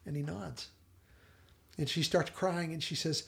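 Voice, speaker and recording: A man co-hosting a podcast, casually retelling a TV episode in earnest storyteller fashion and quoting its dialogue softly. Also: on the high side, fairly even intonation, measured pace, vocal fry. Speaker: podcast co-host.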